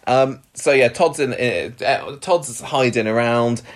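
A man's voice: mid-range voice, slow pace. A man, co-hosting a casual chat and recapping a soap in a wry, rambling way with lots of fillers. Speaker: podcast co-host recapping a soap.

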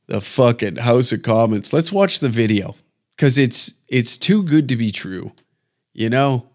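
A man's voice: mid-range voice, animated, measured pace. A man hosting a podcast, ranting in a rambling, profane, mocking way. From Canada. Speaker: podcast host. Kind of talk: casual podcast rant.

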